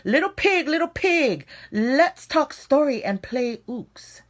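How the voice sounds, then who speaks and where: A woman voicing a hungry, scheming male magic shark in a storybook reading, with coaxing sing-song calls and loud threats. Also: high-pitched, lively intonation, slow pace, voice pushed up.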